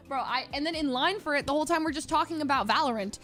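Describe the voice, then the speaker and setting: A young woman streamer telling a story in casual chat, excitable and laughing, full of fillers and restarts. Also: high-pitched, a little fast, long pauses, soft background music.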